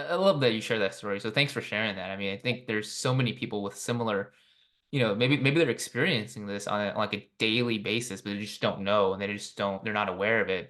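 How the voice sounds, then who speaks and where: A low-voiced man hosts a podcast interview. He reflects earnestly on what his guest says and often ends a point with a quick "right?" before asking his next question. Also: fairly bright tone. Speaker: podcast host.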